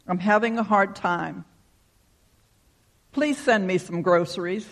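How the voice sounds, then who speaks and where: Slow, gravelly high-voiced preacher man. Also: expressive. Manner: folksy storytelling, acts out shouted quotes. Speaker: pastor. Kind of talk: sermon with a joke and prayer.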